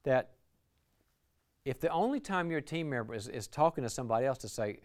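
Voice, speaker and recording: Brisk and animated, a man with a mid-range voice gives an enthusiastic lecture on team relationships at a lecture venue. As a leadership speaker, he illustrates points by acting out short dialogues.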